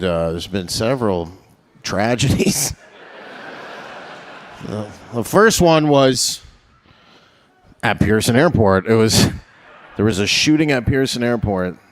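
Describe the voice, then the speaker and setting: A man's voice: lowish voice, expressive, a little slow, long pauses. A man doing a stand-up set, crude and rambling, full of filler words and laughing at his own jokes. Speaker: stand-up comedian.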